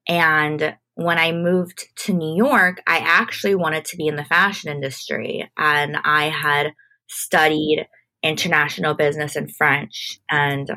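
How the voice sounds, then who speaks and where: Low, slow-talking woman. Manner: relaxed, unhurried, casual with frequent "like". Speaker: guest, entertainment manager. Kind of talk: conversational interview storytelling.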